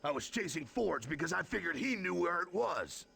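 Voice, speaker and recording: An actor playing a hulking, hotheaded male villain in a video game, with a gravelly, blustering voice. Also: on the high side, very animated, moderate pace, sharp tone, faint music behind, full character voice. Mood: indignant.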